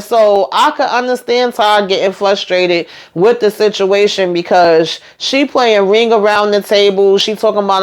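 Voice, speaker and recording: A woman's voice: medium pitch, steady tone, moderate pace, few pauses. A woman hosting a reality show recap, giving sassy, opinionated commentary in a chatty, casual way.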